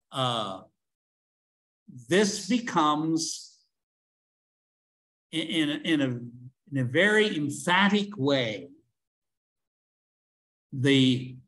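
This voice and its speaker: Slow, halting older man lecturing. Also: fairly high pitch, a bit bright, rough recording. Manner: halting, many fillers and restarts. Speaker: religion teacher. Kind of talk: online class lecture.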